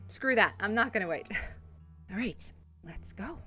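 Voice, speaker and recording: A woman's voice: medium pitch, lively intonation, measured pace, sharp tone, faint music behind. A young adult woman casually talking through a story game as a streamer, chatty, swearing and laughing often. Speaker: let's play streamer.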